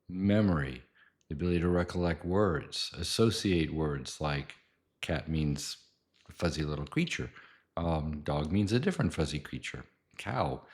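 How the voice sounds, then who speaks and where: A man's voice: deep voice, darkish tone. A middle-aged man, a doctor hosting a talk show, explaining in a casual, anecdotal way and acting out quoted lines.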